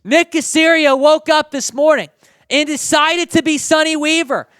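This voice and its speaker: Sports show host guy from houston, high smooth voice, super excitable, dry sound. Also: dry recording. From Houston, Texas. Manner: excitable, gushing, swings between quick and drawn-out delivery. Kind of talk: sports news commentary.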